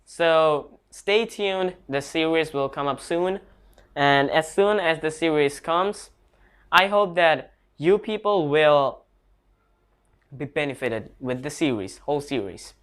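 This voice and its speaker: A man's voice: a little high, expressive, fairly bright tone, clear, resonant tone. A man giving a casual online English lesson, speaking hesitantly with restarts and non-native grammar. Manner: slow, hesitant talk with restarts. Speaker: English teacher.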